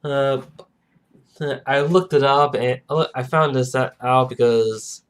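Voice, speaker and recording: A man hosting a casual podcast, rambling and halting, with lots of "uh" and "and" between thoughts. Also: mid-range voice, fairly even intonation, slight background noise. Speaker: podcast host. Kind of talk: casual chat.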